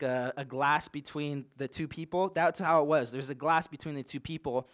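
A young man, a pastor, telling a personal story in a sermon, earnest and animated, often saying "like". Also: a little high.

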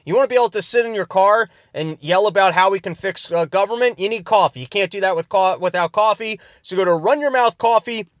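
Man, high voice, dry close sound, rambling sarcastic podcast host. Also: fairly quick, few pauses, no room sound. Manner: rambling, sarcastic, self-interrupting. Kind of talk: casual comedic commentary. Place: in his car.

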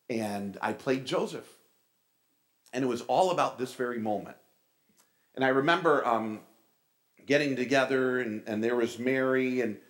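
A male pastor preaching a sermon, telling stories with animated delivery and casual asides to the congregation. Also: mid-range voice.

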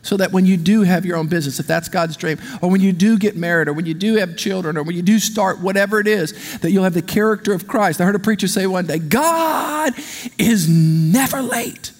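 A male pastor delivers an animated, conversational sermon and keeps calling out for the congregation to answer him. His voice sits high. The long reverb of a large church hall hangs on every line. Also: fast, few pauses.

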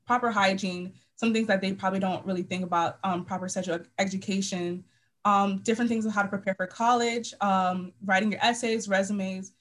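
A young woman from the United States, a podcast guest, talking earnestly in a halting way with lots of fillers. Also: mid-range voice, steady tone, rough recording. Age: young adult. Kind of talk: casual interview talk.

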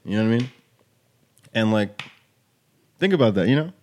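A man's voice: fairly low pitch, animated, moderate pace, darkish tone, a little hiss or hum. Podcast host in his twenties, laid-back storyteller, fills every gap with "like" and "you know". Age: 20s. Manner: loose storytelling, full of "like" and "you know what I'm saying". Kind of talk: casual chat.

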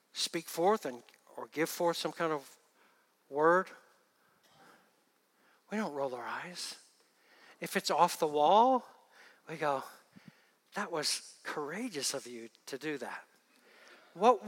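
High, bright-voiced male pastor preaching. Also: in a large hall. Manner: swings from hushed to loud emphatic preaching. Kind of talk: sermon.

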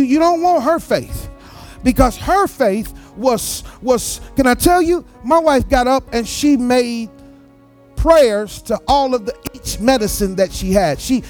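A man with a strikingly high voice delivers a sermon from the pulpit. He lilts into a sing-song preaching cadence, repeating and building his phrases. Faint music sits softly behind him. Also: animated, measured pace. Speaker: pastor.

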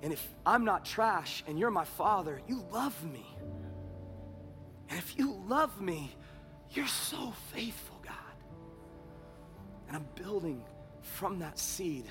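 A man preaching a sermon as pastor, moving between loud emphatic declarations and hushed, whispered prayer. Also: fairly high pitch, lively intonation, a little slow, over music.

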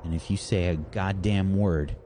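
A man's voice: deep voice, fairly even intonation, unhurried, background noise. A man voicing an unhinged young male killer who snarls threats. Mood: menacing.

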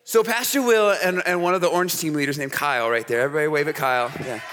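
A man preaching a youth sermon at a camp, telling stories in an animated way and checking in with the crowd with "okay?" and "all right?". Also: on the high side, fast talker, noisy background. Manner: animated storytelling with frequent "okay?" asides. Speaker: camp speaker. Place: large hall with an audience. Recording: hall reverb.

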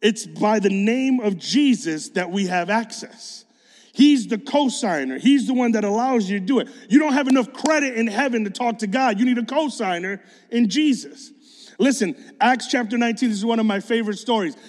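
A man preaching a sermon in a high-pitched voice. He tells stories in loose, casual slang. His words ring out with a long hall reverb. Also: expressive, normal speed, darkish tone.

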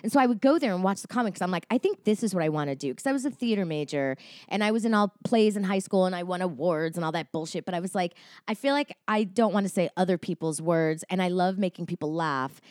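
A woman's voice: on the low side, fast, dry recording, studio quality. A woman comedian in casual conversation, telling a story with a lot of swearing and acting out what people said. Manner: animated, profane, acts out quotes. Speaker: comedian guest.

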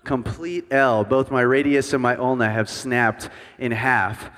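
A guest worship pastor in his thirties preaches to a congregation in a church sanctuary, weaving personal stories and self-deprecating humor into his sermon. His middle-pitched, slightly bright voice keeps a fairly even intonation at a measured pace, trailed by the hall's long reverb.

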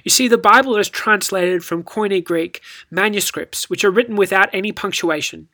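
A teacher delivers a scripted devotional talk at a medium pitch. The delivery is storytelling and rhetorical, and reads scripture passages with expressive inflection. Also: moderate pace. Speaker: Bible teacher.

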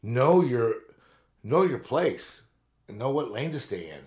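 A man's voice: mid-range voice, sing-song, unhurried, darkish tone. A man in his fifties on a podcast, telling long, rambling, profane stories in casual chat. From Southern California. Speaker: podcast co-host.

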